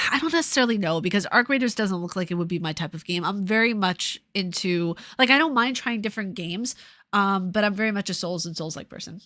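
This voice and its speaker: A woman's voice: mid-range voice, fast talker, pushed and bright, no room sound, studio quality. A young woman with a New York accent chatting casually on a livestream, rambling, swearing freely and laughing often. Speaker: YouTuber reading live chat.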